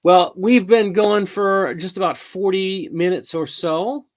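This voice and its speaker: A man's voice: high-pitched, steady tone, unhurried. A middle-aged man hosting a live English lesson, talking in a chatty, rambling way with frequent ums and restarts. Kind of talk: casual live-stream lesson.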